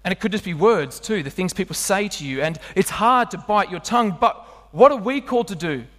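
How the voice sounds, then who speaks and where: A man delivers a lively sermon, his voice pitched somewhat high for a man. He keeps turning to the congregation with rhetorical questions. The sound rings on in a large hall with a long reverb. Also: brisk. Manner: animated, asks the listeners rhetorical questions. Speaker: preacher.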